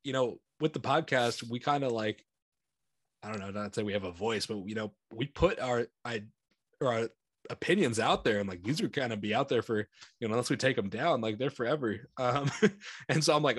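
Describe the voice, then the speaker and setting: In a husky, mid-range voice, a fairly quick-talking American co-hosts a podcast with loose, rambling chat. He laughs a lot and performs his own reactions, and the studio-quality recording is dry.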